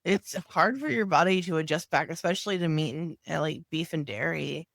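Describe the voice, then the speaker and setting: A woman's voice: low voice, a little fast, gravelly, no echo, studio quality. A woman co-hosting a casual TV recap podcast, playful with affectionate asides. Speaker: podcast co-host.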